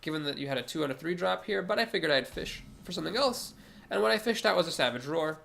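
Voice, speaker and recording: A man's voice: a little high, lively intonation, fast talker, gravelly, fairly bright tone. A man with a cold, sounding nasal, talking through his card game moves aloud as a streamer. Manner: analytical, talks through each move aloud. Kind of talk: casual gameplay commentary.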